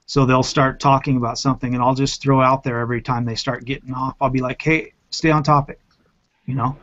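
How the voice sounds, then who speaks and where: Brief: male teacher, blunt and profane, mid-pitched, dull online call audio. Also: completely flat delivery, fast talker, a bit bright. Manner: blunt, profane, acts out exasperated quotes. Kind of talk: casual round-table chat. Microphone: online video call.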